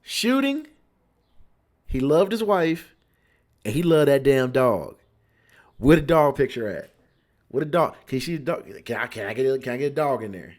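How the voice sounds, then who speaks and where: A man's voice: medium pitch, lively intonation, moderate pace, a little mellow. A young man from Cincinnati reviewing a movie in a casual, rambling way, repeating words and acting out his friends' lines.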